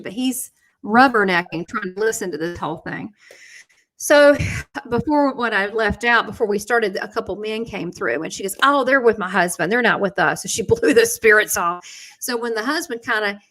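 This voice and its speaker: A woman hosting a live online chat as a spiritual medium. She tells animated stories full of quoted dialogue and frequent restarts. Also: medium pitch, moderate pace.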